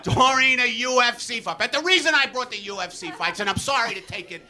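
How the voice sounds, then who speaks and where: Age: adult. Sex: man. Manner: loud, profane ranting comedian with a very high, bright voice. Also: a little fast. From Brooklyn, New York. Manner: loud, profane, self-mocking ranting, often shouting. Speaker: guest comedian. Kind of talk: live comedy podcast rant. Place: comedy theatre stage before an audience. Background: audience laughter.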